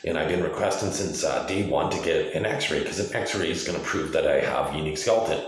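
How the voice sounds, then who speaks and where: A man's voice: sits low, expressive, a little fast, a little hiss or hum. A man in his forties giving an agitated, profane, rambling monologue, full of restarts. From Canada. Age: 40s. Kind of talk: ranting video monologue. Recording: very echoey room.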